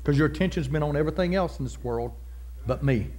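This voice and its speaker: A middle-aged male pastor preaching a sermon, folksy and down to earth, building into loud, fervent passages. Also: a little high, quick pace.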